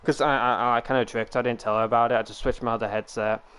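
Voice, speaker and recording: A man's voice: mid-range voice, flat delivery, fast, fairly bright tone, clear, resonant tone. A man, chatting casually with stream viewers on a headset and rambling with frequent chuckles. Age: 20s. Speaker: livestreamer. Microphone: gaming headset.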